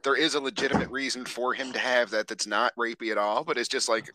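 A man co-hosting a podcast in casual chat, animated and laughing often, with some swearing. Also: medium pitch, fast talker, background noise. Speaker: podcast co-host.

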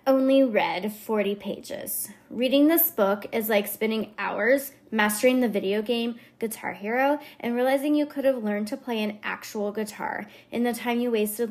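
A woman's voice: on the high side, a little slow, darkish tone. Woman putting on a snippy Valley Girl critic. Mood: scornful. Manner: valley girl drawl, dismissive.

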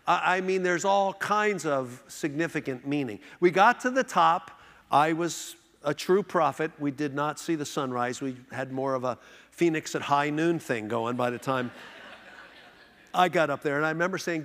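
A man telling a story on stage, with self-deprecating comic timing. His voice sits a little high for a man. The recording has the long reverb of a large hall. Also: normal speed, a bit bright. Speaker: speaker. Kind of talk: humorous storytelling talk.

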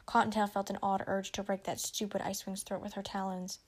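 A woman reading a storybook aloud with steady narration. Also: medium pitch, brisk, breathy edge. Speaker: reader.

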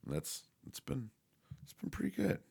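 A man's voice: mid-range voice, wildly swooping pitch, normal speed, creaky, darkish tone, breathy edge. A man rambling casually and profanely, with lots of fillers, restarts and laughs. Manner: laughs often while talking.

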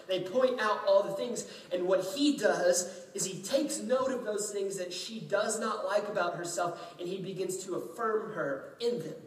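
Guy preaching, kinda high voice, chatty and jokey, sounds far off in a big echoey room. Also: moderate pace, few pauses, slight background noise. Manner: conversational, joking preaching. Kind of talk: sermon. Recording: roomy echo, distant mic, faint ambience.

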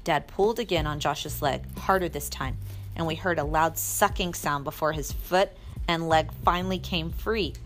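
A woman narrating a storybook aloud in a lively, expressive way. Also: deep voice, normal speed, soft background music. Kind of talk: storybook reading.

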